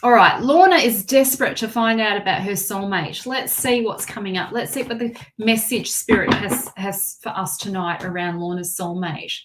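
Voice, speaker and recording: Woman, tarot reader, soft reassuring delivery, mid pitch. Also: normal speed, hardly any pauses, noisy background. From Australia. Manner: soft, reassuring, repeats phrases. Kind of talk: live tarot reading.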